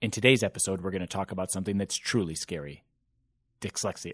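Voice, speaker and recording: A man's voice: medium pitch, very animated, brisk. A man hosting a podcast, laughing and stumbling through repeated takes of his intro. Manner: giggly, keeps breaking into laughter. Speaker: podcast host. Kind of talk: casual podcast intro, stumbling over retakes.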